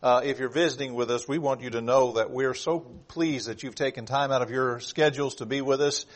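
A middle-aged man preaching a sermon, moving from a calm welcome to loud, emphatic preaching and often repeating words as he restarts. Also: mid-range voice, fairly quick.

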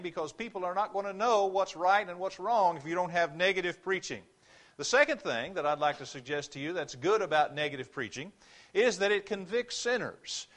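A man's voice: high voice, fairly bright tone. A man preaching a sermon in church, earnest and emphatic, driving points home with repeated phrases.

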